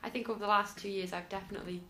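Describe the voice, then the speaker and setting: A woman teacher talking fast and earnestly about finding her own style. The room is echoey, with a faint hiss underneath. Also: medium pitch, steady tone, sharp tone. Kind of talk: reflective interview talk.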